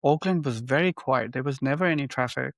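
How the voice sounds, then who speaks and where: A man from India hosting a podcast, asking open questions and recalling his own past in a calm, reflective way. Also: mid-range voice, brisk, gravelly, dry recording, clean studio sound. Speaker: podcast host. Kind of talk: casual interview chat.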